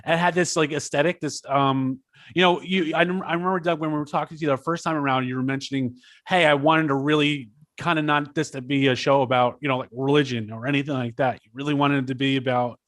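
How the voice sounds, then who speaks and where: A man's voice: a little high, steady tone, quick pace, a bit bright, no echo, clean studio sound. A man hosting a podcast interview, affable and chatty with plenty of fillers. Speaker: podcast host.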